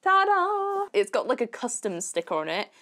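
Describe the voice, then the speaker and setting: An excitable woman vlogger talks her way through a beauty unboxing, gushing and chatty. Her voice sits at an ordinary middle pitch for a woman. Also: a little fast. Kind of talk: unboxing vlog chat.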